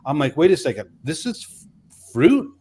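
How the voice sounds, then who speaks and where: A man's voice: fairly high pitch, normal speed, husky. Rambling storytelling man in his fifties. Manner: rambling, animated storyteller with many restarts. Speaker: co-host, missionary pastor. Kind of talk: casual chat.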